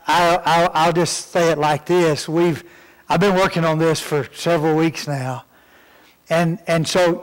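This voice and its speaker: High-voiced slow-talking preacher. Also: male voice. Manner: folksy, repeats words when starting sentences. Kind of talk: sermon. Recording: church hall reverb.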